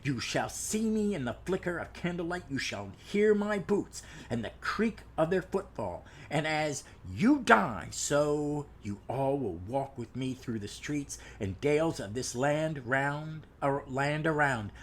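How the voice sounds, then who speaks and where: A man reading a vengeful ghost pirate's curse aloud from a comic, slow and solemn. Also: a little high, lively intonation. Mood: grim cursing.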